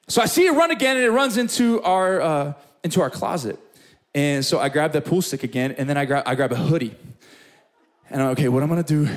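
A young man preaching a sermon as pastor, telling a story with lively, acted-out moments in front of a room. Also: fast. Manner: animated storytelling, acting out scenes with big pitch jumps. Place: church hall with live audience.

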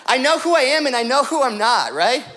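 Here the same kind of preacher has a very high voice and talks fairly quickly. His sermon is comedic, built on joking stories acted out with put-on voices before he lands the point.

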